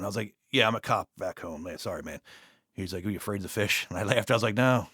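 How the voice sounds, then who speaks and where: A man's voice: fairly low pitch, fast talker, husky, no echo, clean studio sound. A man on a podcast, a police officer and guest, telling stories in a casual, profane, rambling way and acting out the dialogue. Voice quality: profane, rambling, animated retelling with quoted dialogue. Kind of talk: casual storytelling. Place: podcast studio.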